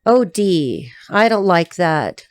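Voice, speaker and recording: A woman's voice: on the low side, sing-song, no room sound, clean studio sound. Blunt, rambling woman reading tarot. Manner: rapid, blunt, stream-of-consciousness with repetitions. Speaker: tarot reader.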